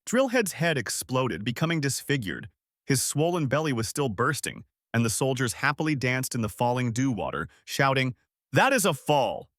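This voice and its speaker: Guy reading a dark comic recap, voice going up and down a lot, mid pitch. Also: normal speed, no room sound, studio quality. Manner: animated storytelling. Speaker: narrator. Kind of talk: scripted narration.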